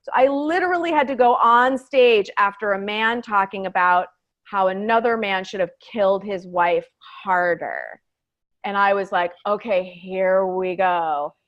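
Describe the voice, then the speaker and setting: A woman comedian telling a story in a casual interview, animated and swearing, often saying "like". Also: mid-range voice, moderate pace, muffled recording. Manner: animated, swearing, heavy use of "like". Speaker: stand-up comedian, guest.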